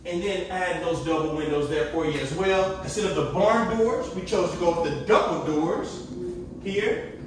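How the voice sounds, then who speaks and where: Home sales host, male, high voice, upbeat and direct to viewers, heard from a distance with faint hiss behind. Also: normal speed. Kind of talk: walkthrough sales pitch of a home. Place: inside a small manufactured home. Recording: echoey room, mic far off, faint noise.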